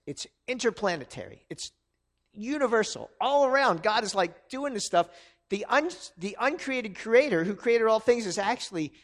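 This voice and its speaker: A man preaching a sermon in a conversational way, with asides and restarts. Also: sits high. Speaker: pastor.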